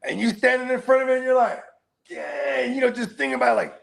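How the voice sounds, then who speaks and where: A man with a high, very gravelly voice that swings up and down a lot, chatting casually as a podcast co-host. He laughs often and acts out what people said in other voices. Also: lively intonation, a little fast. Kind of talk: casual chat.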